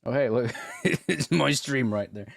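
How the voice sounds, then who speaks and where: A man's voice: mid-range voice, measured pace, vocal fry, no echo, clean studio sound. A man streaming as he reacts to videos, casual, swearing freely and laughing often.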